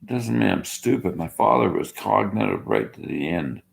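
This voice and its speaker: Very deep, gravelly older man. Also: very animated, moderate pace, a little hiss or hum. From Canada. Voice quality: slurred-sounding speech. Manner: bitter, argumentative. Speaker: vlogger. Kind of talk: rambling rant to camera.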